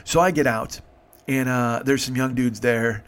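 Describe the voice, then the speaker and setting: A man in his fifties spins a long anecdote on his podcast. He swears freely and restarts his sentences as he goes. His voice sits in a middle pitch. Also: fairly even intonation, a little slow. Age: 50s. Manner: profane, rambling, many restarts. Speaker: podcast host. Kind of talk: casual storytelling.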